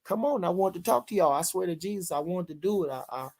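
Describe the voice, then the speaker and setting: A man's voice: high-pitched, animated, fast, vocal fry, dark tone. An older man, hosting a casual live boxing stream in a rambling way, full of fillers, reading out chat comments. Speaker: podcast host.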